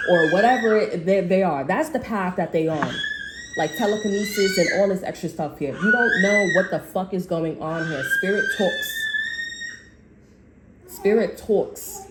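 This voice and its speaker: A woman's voice: lowish voice, very noisy. Profane, rambling woman tarot reader. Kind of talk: casual spiritual monologue. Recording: echoey room.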